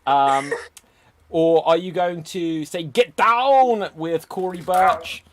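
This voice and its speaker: A man's voice: on the high side, steady tone, slow pace. Upbeat man hosting an improv show. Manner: upbeat, addresses audience and judges.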